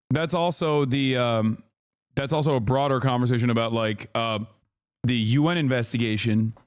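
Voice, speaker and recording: A man's voice: mid-range voice, smooth. Heated, sarcastic male streamer. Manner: heated, sarcastic, fast restarts and fillers. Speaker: live streamer reacting to a clip. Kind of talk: casual stream commentary.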